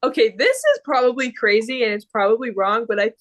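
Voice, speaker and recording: A woman's voice: on the high side, animated, fairly quick. A woman guest in a casual chat, bubbly and self-deprecating, laughing often.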